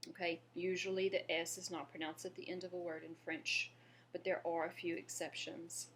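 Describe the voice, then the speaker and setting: A woman giving an online French lesson, patiently modeling words and pausing for the listener to repeat them. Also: lowish voice, little pitch movement, fairly bright tone, a little hiss or hum. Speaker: French teacher.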